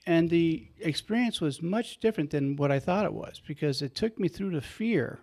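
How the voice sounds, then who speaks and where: A man's voice: fairly high pitch, expressive, normal speed, darkish tone. A man hosting a radio talk show, speaking earnestly and with emphasis about faith.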